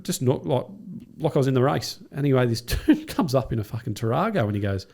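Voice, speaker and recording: A man's voice: mid-range voice, vocal fry. A man, a triathlete and coach, telling a race story in casual chat with lots of swearing and acted-out quotes. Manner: rapid, profane, animated retelling with acted-out quotes. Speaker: podcast guest, triathlete and coach.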